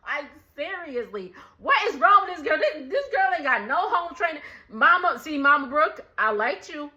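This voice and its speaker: A woman recapping a reality show in a casual, animated way, laughing often and acting out what people said. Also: high-pitched, moderate pace, highs cut off. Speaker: recap vlogger.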